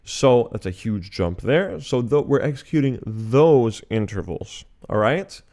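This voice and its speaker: A man's voice: mid-range voice, lively intonation, unhurried, a little mellow. A man giving a chant lesson, patiently explaining the scale and singing the note names. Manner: patient, methodical explanation, breaking into sung syllables. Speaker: chant teacher.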